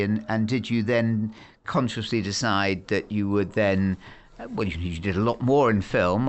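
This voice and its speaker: A man interviewing a guest, asking long questions with hesitant pauses and fillers. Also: on the low side.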